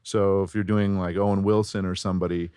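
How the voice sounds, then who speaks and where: A middle-aged man, a voice actor, chatting in an interview and breaking into quick voice demos as he explains. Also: sits low, clean tone, no room sound, studio quality. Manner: animated, demonstrates voices while explaining. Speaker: voice actor guest. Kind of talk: casual interview chat.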